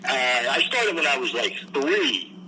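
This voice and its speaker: A man's voice: mid-range voice, animated, measured pace, pushed and bright, a little hiss or hum, rough recording. An older man from New Jersey, a guest entertainer, telling his story in a meandering way with many fillers and restarts. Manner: meandering, frequent fillers and restarts, clears throat. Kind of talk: rambling casual interview answers.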